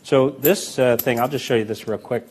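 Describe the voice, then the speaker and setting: A man talks through a coin magic routine in a relaxed, conversational teaching voice. He counts coins aloud as he works and slips into stories about older magicians. His tone stays easy and unhurried. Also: medium pitch, slight background noise. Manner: relaxed, conversational, tells anecdotes with acted quotes; counts coins aloud while demonstrating sleights. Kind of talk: casual instructional demonstration.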